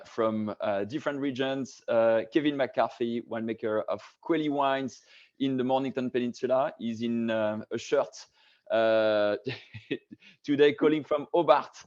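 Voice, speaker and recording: A man's voice: fairly low pitch, a little mellow. Guy hosting a wine tasting over video call, lots of uhs and ums, muffled lo-fi sound. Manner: hesitant, many fillers and restarts. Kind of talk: casual hosted tasting talk. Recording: dull lo-fi video call audio.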